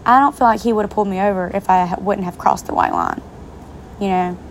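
A woman's voice: medium pitch, quick pace, a little hiss or hum. A young woman telling a story to her viewers in a casual vlog, chatty and swearing freely. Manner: chatty, profane, speaking straight to viewers. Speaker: vlogger. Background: faint rain.

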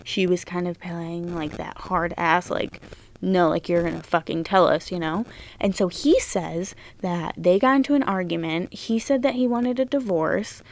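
A young woman hosting a casual true-crime podcast, chatty and animated, swearing often as she retells events. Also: on the low side, measured pace. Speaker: podcast host.

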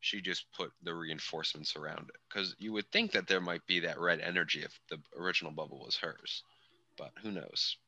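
A man's voice: sits low, steady tone, fairly quick, pushed and bright. A man co-hosting a casual recap chat, talking enthusiastically and correcting himself as he goes. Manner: chatty, self-correcting, enthusiastic. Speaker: podcast co-host.

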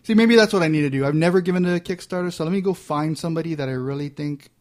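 A man's voice: fairly high pitch, racing, darkish tone. A man co-hosting a casual movie podcast, joking dryly with some hesitation. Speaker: podcast co-host. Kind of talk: casual chat.

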